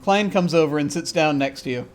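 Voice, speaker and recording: Fairly high-voiced man narrating a tabletop game. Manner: halting, rambling, with many fillers. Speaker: game master.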